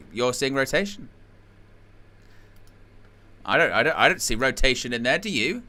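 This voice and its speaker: A man's voice: medium pitch, sing-song, moderate pace, long pauses, sharp tone. A man hosting a live football watch-along, talking in a sarcastic, exasperated way. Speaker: host.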